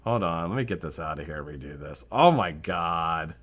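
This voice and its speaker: A man's voice: low voice, lively intonation, normal speed, fairly bright tone. A man hosting a live vape review show, talking casually and enthusiastically and swearing freely.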